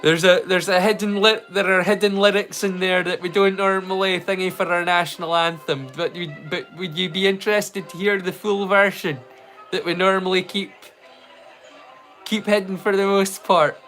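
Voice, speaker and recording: A man's voice: high-pitched, fairly even intonation, normal speed, fairly bright tone, soft background music. A man with a Scottish accent hosting a live watch-along, chatting in a rambling way and breaking into song. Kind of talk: casual chat.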